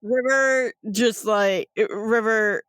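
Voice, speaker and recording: A woman's voice: fairly high pitch, drawn-out words, fairly bright tone, clean tone, no room sound, studio quality. A woman running a tabletop game as game master, narrating casually and laughing often.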